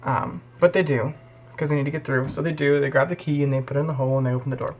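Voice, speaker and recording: A man's voice: medium pitch, steady tone, very fast. A young man casually retelling a story in a rambling, profane way. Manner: rambling, profane, lots of fillers. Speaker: video host.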